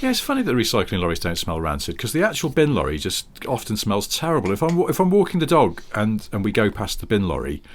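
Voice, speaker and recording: Lively, low-voiced man telling a story. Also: fast, hardly any pauses. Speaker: podcast co-host. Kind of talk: casual chat. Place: home.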